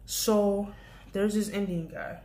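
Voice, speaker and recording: A woman's voice: mid-range voice, fairly even intonation, takes it slowly, mellow. A young woman vlogger telling a casual storytime about her job, rambling with many restarts and asides. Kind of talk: storytime vlog.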